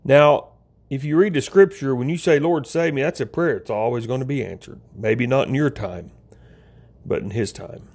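A man preaching an informal sermon, talking straight to his listeners as folks, with big swings in pitch. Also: moderate pace, vocal fry, darkish tone, slightly rough.

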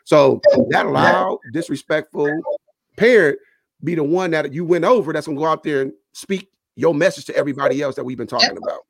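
Fast-talking gravelly man telling a story. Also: fairly high pitch, no echo. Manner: animated storyteller who acts out quoted voices. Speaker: school principal and podcast co-host. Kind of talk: casual podcast chat and storytelling.

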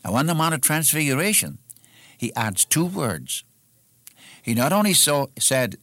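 A man's voice: mid-range voice, very animated, moderate pace, a bit bright, dry recording. Earnest male preacher, dry close sound. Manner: earnest, emphatic, addresses listener as friend. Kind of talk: sermon.

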